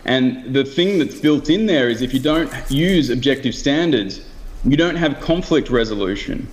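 A man's voice: medium pitch, animated, normal speed, low-quality recording. A man in a casual conversation, talking loosely and thinking aloud with asides and restarts.

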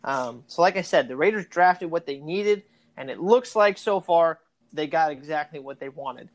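Brief: animated co-host, chatty sports analysis, long-winded, mid-pitched. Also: moderate pace. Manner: chatty, animated, argues points at length. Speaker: podcast co-host. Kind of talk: casual sports talk.

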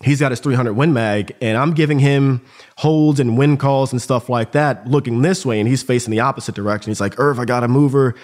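A man guesting on a podcast, telling his story in a loose, animated way and throwing in plenty of slang. His voice sits at an everyday middle pitch, neither deep nor high. The delivery is conversational and rough around the edges. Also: a little fast. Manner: animated, slangy, calls listener dude and bro. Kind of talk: casual war storytelling.

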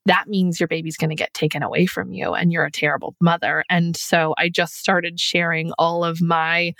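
Woman podcast guest, low-pitched, open and reflective, dry close mic. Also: fairly even intonation, moderate pace, creaky, fairly bright tone, no room sound. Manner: candid, reflective, many "like" fillers. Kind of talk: casual conversation.

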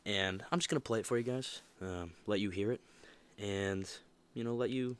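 A young man hosting a casual motivational podcast, talking in an animated, emphatic way and laughing often. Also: fairly low pitch, moderate pace, clean tone. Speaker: podcast host.

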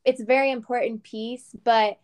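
A young woman co-hosting a podcast, chatting casually and lively, often acting out what others said. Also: a little high, normal speed, clear, resonant tone. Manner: animated, acts out quoted voices. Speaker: podcast co-host. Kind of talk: casual chat.

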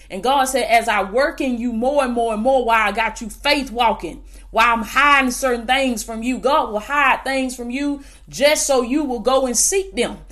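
Fervent Southern woman preacher, high voice. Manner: fervent, calls listeners "baby", bursts of exclamation. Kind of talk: prophetic sermon to camera.

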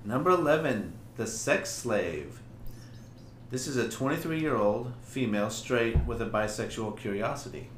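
A man's voice: medium pitch, animated, a little slow, echoey room, slight background noise. A man co-hosting a casual podcast, reading listener submissions aloud in a frank, joking way. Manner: frank, joking, laughs often. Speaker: podcast co-host.

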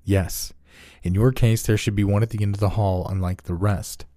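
A man voicing a calm, clinical doctor who manipulates his test subject in a horror story. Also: lowish voice, normal speed, no room sound, clean studio sound, natural voice. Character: cold, secretive male doctor running experiments.

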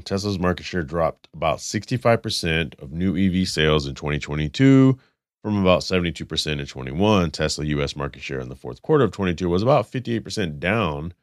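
Low-voiced congested male podcast host. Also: no room sound, clean studio sound. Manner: rambling, self-correcting, reading stats then riffing. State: stuffed up, congested. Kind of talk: casual car news chat.

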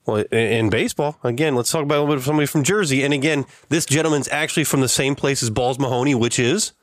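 A man's voice: mid-range voice, rapid-fire, no room sound. Chatty male podcast co-host, dry sound. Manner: storytelling, chatty. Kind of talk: casual chat.

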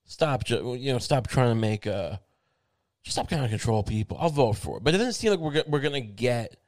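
Dry, rambling man thinking out loud. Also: mid-range voice, animated, fairly quick, no echo. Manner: wry, meandering, thinks aloud with many restarts. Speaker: show host. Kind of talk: rambling casual monologue.

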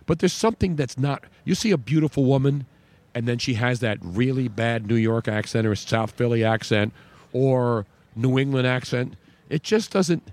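A man's voice: mid-range voice, gravelly, darkish tone, dry recording. A man hosting a talk radio show, chatting loosely and reading a live ad. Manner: chatty, rambling.

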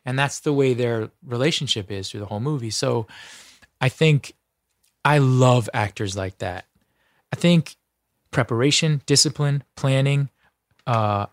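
Earnest male actor guest, heartfelt, halting, dry studio mic. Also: mid-range voice, no room sound. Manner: earnest, heartfelt, full of restarts and "you know". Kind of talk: casual interview talk.

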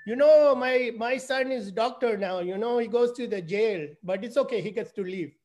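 A man's voice: extremely high pitch, moderate pace, darkish tone, faint music behind, voice pushed up. A man putting on the voice of his fussy older immigrant mother, scolding and exasperated. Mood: nagging. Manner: nagging, exasperated, fretful.

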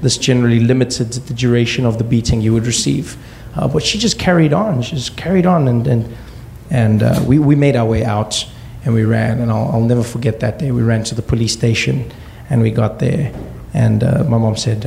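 A man from Africa telling a comic personal story with wry, deadpan asides. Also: medium pitch, fairly quick, vocal fry, hardly any pauses, slight background noise.

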